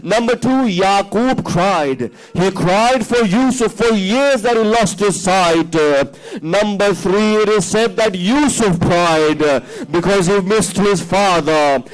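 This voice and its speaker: A man's voice: high voice, slow pace, rough recording. A man delivering an impassioned mourning sermon at a religious centre, his voice rising into emotional cries. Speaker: preacher reciting a majlis. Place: mosque community centre.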